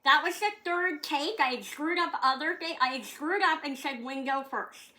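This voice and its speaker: Bright-voiced woman chatting at home. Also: high voice, normal speed. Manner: chatty, rambling, swears casually. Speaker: vlogger. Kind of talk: casual chat.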